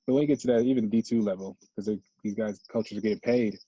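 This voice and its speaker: An American man in his thirties, a podcast guest, telling stories in slangy, animated casual chat. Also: fairly low pitch, fast talker, slightly rough, dry recording, muffled recording. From United States. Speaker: podcast guest, former college football player.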